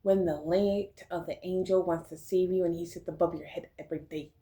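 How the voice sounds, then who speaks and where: A woman's voice: fairly low pitch, fairly even intonation, a little fast, mellow. A woman vlogger in a loose monologue, preachy and defiant, drifting between half-sung lines and plain talk. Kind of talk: improvised sung and spoken monologue.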